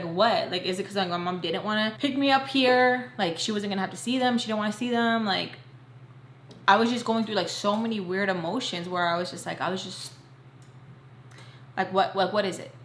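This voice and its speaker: Young woman, mid-pitched, casual storytime vlogger; chatty and rambling, recorded in an echoey room. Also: normal speed, a bit bright. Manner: chatty, fills talk with "like", talks to viewers as "y'all". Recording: roomy echo, faint background hiss.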